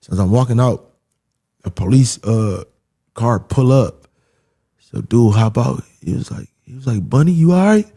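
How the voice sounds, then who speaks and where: A young man casually telling a story, animated and swearing, acting out the voices of the people in it. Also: on the low side, measured pace, creaky, pauses often, breathy edge.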